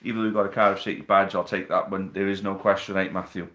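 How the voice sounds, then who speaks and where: A man's voice: sits low, level tone, quick pace, fairly bright tone. A man hosting a casual live stream from home, chatting, reading out viewer questions and teasing them, recorded on a phone on a tripod. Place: living room at home.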